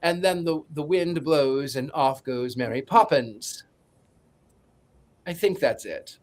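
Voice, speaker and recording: A man's voice: on the high side, slow. A man on a podcast panel giving a joking, rambling film synopsis in a sarcastic, playful way. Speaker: podcast co-host.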